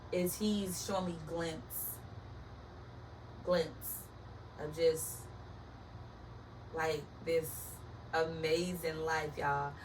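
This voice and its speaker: Emphatic woman with a bright voice. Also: lowish voice, far from the mic, a little hiss or hum, rough recording. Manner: earnest and emphatic, addressing listeners as y'all. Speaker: motivational speaker. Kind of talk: faith-based motivational talk.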